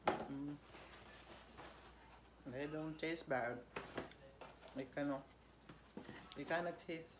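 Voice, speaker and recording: A Jamaican woman chatting casually and rambling a little while she cooks in her kitchen for her vlog, laughing softly now and then. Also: deep voice, slow, pauses often. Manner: relaxed, rambling talk with soft laughs. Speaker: vlogger and mother. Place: home kitchen, indoors. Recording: echoey room with background noise.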